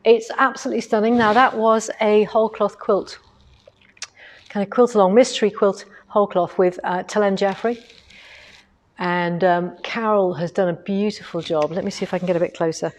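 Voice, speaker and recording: A woman's voice: mid-range voice, fairly even intonation, moderate pace. A middle-aged woman chatting casually on a livestream from a quilting showroom, rambling with asides as she moves the camera on its tripod. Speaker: host of a quilting shop livestream. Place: quilting machine showroom, indoors.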